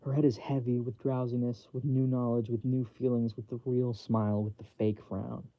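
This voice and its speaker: Reading his own novel aloud as a bedtime story, a man speaks plainly and a little self-consciously, with small slips. His medium-pitched voice is steady and warm, at a moderate pace with few pauses, in a dry, dull home recording.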